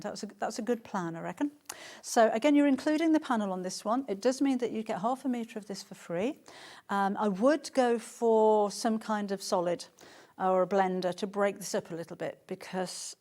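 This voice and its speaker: A woman's voice: mid-range voice, a little mellow. A middle-aged woman presenting fabrics on a live sales show, chatting and gushing with lots of restarts.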